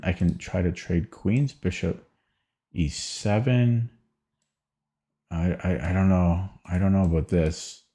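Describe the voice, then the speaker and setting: A man with a low, dark voice live-streams a chess game, speaking slowly with long pauses. He thinks aloud hesitantly, often stammering or repeating words.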